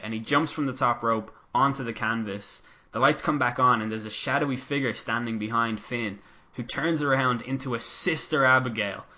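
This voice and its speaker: A man co-hosting a podcast, narrating a made-up wrestling storyline in casual chat and acting out quotes. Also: mid-range voice. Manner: animated storytelling, acts out quotes in voices. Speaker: podcast co-host.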